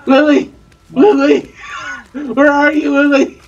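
A woman's voice: high voice, little pitch movement, slow pace, darkish tone, distant mic, dull audio. A woman commenting on her own gameplay in a panicky way, often shrieking and yelping. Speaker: gamer recording gameplay.

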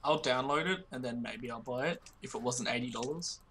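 A woman's voice: extremely low pitch, brisk, a bit bright, a little hiss or hum. An Australian woman in casual gaming chat with friends, playful and teasing. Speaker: gamer.

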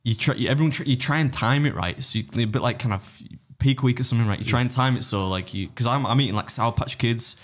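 A man co-hosting a casual podcast, telling stories at speed, acting out other people's quotes and swearing freely. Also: medium pitch. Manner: rapid anecdotal storytelling, acting out others' quotes. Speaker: podcast co-host and competitive eater.

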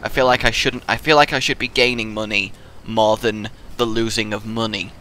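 A man giving live gameplay commentary with excitable, swearing trash talk. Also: on the low side, normal speed, slight background noise. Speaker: gaming video host.

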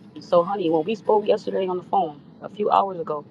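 A woman talking low on a phone call from an airplane, pressing her point and cutting others off. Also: fast talker, a little mellow. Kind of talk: heated phone call argument. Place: airplane cabin. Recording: muffled phone audio with faint hum.

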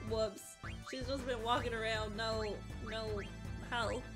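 A woman's voice: on the high side, slow, music in the background. A woman streamer chatting playfully through a game, laughing often and reading the game's dialogue aloud. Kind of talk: casual gameplay commentary.

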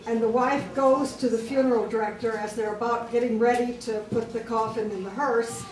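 A woman doing stand-up comedy on a club stage, telling jokes in a slow, deliberate way with filler pauses. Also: a little high, steady tone, a little mellow. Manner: deliberate, drawn-out joke delivery with filler pauses. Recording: roomy club sound from far off, crowd noise.

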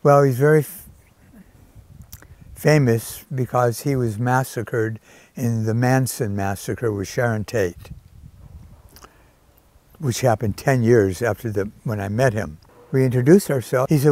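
An older man telling anecdotes in an interview, animated and acting out the people he quotes. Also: mid-range voice, a little slow, pauses often. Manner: animated storyteller who acts out quoted voices. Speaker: interviewee, celebrity hairdresser. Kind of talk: storytelling anecdotes.

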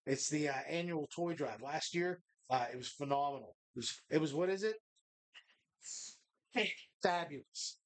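A man's voice: fairly high pitch, moderate pace, pauses often. A man hosting a live bar show, chatting casually in a rambling, profane, jokey way.

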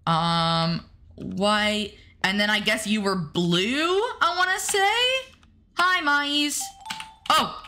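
A woman's voice: mid-range voice, big pitch swings, very slow, pushed and bright. A woman streamer playing a horror game, chatting to her viewers and yelping when startled. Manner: jumpy, talks to the chat and the game, yelps when startled. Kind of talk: casual gameplay commentary to chat.

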